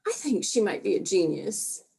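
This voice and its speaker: A middle-aged woman performing a stand-up comedy set over a video call, with wry deadpan storytelling. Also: mid-range voice, normal speed, gravelly, husky, whispered.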